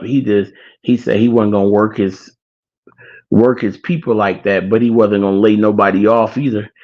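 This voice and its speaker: Wheezy man retelling a movie, lo-fi. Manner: animated storyteller, acts out quotes in a high excited voice. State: a little wheezy, out of breath. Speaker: online show host. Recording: dull lo-fi sound.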